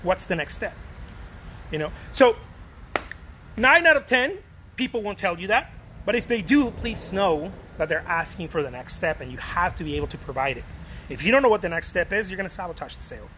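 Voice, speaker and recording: A man giving a casual, energetic talk to fellow artists about selling, often calling listeners "baby" and acting out short dialogues. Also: high-pitched, brisk, slight background noise, rough recording. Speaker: artist coaching other artists on sales.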